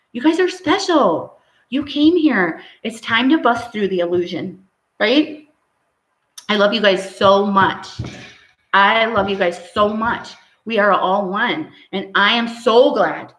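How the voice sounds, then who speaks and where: A woman who works as a medium, hosting a live stream, reading out viewer comments and preaching in an animated way that keeps ending on "right?". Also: medium pitch, takes it slowly, roomy sound, poor audio.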